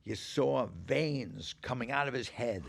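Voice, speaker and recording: An older man, a podcast guest, telling stories in casual chat, animated and profane, laughing as he acts out the people he quotes. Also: mid-range voice, a little slow, creaky, no echo, clean studio sound. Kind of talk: casual storytelling.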